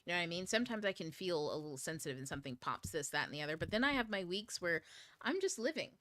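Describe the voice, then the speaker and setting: A woman with a low voice talks straight to her audience in a loose, rambling way, cursing offhand and breaking into laughs. The sound is dry and close, with no room echo. She hosts her own livestream, recorded on a camera mic. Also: quick pace. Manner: swears casually, laughs often, rambling and animated. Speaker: host of a book club livestream. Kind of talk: casual chat to viewers. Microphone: camera mic on a DSLR.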